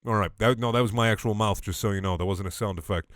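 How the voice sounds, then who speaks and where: A man's voice: fairly low pitch, fast talker, a bit bright, a little hiss or hum. A young man doing a comedic dramatic reading of fan fiction, breaking off into exasperated, sarcastic, sweary rants. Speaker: online comedy reader.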